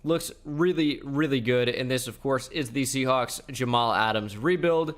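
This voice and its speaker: A young man giving casual, rambling commentary over his video game footage as a channel host. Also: medium pitch. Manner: chatty, rambling, quick asides.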